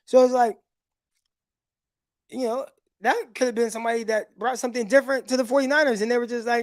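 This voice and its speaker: A man hosts a casual livestream and tells his stories with animated energy and laughter. He speaks into a phone, and the sound is dry and close. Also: extremely high pitch, fast talker, pauses often, no echo. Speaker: podcast host and former football player.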